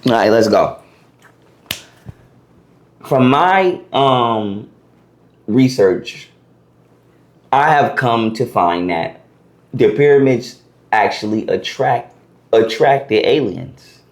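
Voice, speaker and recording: Profane, animated man talking freely. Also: medium pitch, slow, pauses often. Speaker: interview guest. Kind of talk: casual conversational interview.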